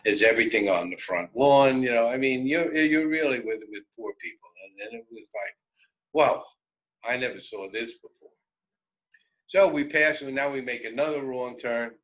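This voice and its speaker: A man telling a road story on a radio show, animated and self-interrupting, often laughing. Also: mid-range voice, a little fast, hardly any pauses, poor audio. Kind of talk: casual storytelling.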